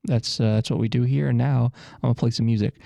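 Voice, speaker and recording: Gravelly, dark-voiced man on radio. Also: mid-range voice, fairly even intonation, no echo, studio quality. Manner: laid-back, hesitant with fillers, repeats numbers slowly. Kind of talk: casual radio announcing. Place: radio studio.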